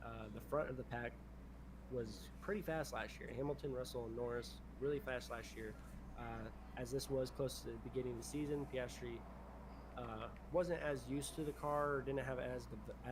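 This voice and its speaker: Rambling male streamer, noisy mic. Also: mid-range voice. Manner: rambling, repeats "definitely". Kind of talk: casual chat while gaming.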